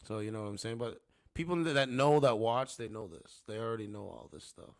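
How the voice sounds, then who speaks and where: A man with a fairly low voice speaks briskly while hosting a casual livestream from his home studio with two monitors, rambling and repeating "you know what I'm saying." The recording is dry.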